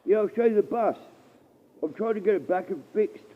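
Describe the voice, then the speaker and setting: A man rambling and halting through a casual livestream chat from a dark shed, often repeating himself and swearing. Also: high voice. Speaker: live streamer. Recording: tinny phone-like stream audio.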